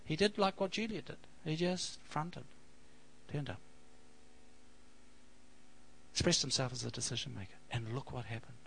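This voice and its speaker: Bright-voiced preacher telling a story. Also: male voice, medium pitch, animated, a little fast, creaky, a little hiss or hum, low-quality recording. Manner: rambling anecdotal delivery with fillers, softening to a hush at the close. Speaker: pastor. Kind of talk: sermon storytelling.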